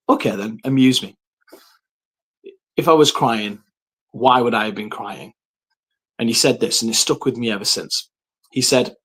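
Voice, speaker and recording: A man telling his personal faith story, earnest and reflective, with frequent pauses and ums. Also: medium pitch, fairly bright tone.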